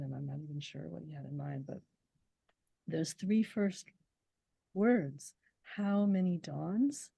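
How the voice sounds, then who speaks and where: A woman poet in an interview, talking reflectively about verse and reciting lines slowly and deliberately. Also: lowish voice, warm tone, dry recording, rough recording. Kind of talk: conversational interview with poetry recitation.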